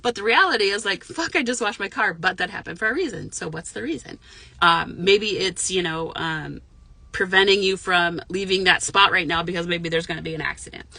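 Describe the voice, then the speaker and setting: Woman, spiritual medium, casual chat, bright voice, slightly low pitch, swears freely, rambling, from a parked car. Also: fairly quick, vocal fry, no room sound. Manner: frank, profane, rambling with many fillers. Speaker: intuitive medium and spiritual mentor. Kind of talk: casual live chat to viewers.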